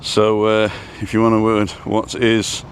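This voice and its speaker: A man's voice: on the low side, monotone, measured pace, smooth. A man hosting a casual outdoor live stream, rambling and reading out viewer comments as he goes.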